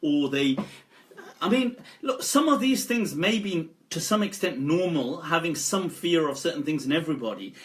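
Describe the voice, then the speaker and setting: A scholar talking casually on a live stream, animated and laughing often as he speaks. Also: fairly high pitch, normal speed. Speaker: Islamic scholar.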